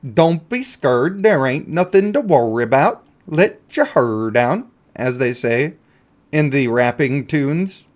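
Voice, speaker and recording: A man's voice: medium pitch, expressive, slow. A man giving casual, joking commentary as he plays a mobile game, talking to himself and his viewers. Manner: playful, jokey, talks to himself and viewers. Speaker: gaming YouTuber.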